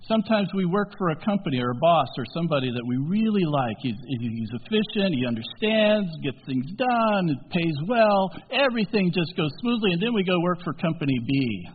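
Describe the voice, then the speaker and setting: A man preaching a sermon as pastor, swinging from quiet, low asides to loud, emphatic peaks and stretching key words out slowly. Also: very animated, slight background noise. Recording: tinny phone-like sound in a reverberant hall.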